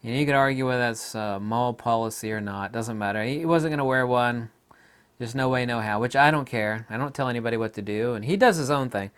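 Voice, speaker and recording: A middle-aged American man in a casual, ranting monologue, with sudden loud outbursts. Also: mid-range voice, fairly quick, clear, resonant tone. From United States. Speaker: video commentator.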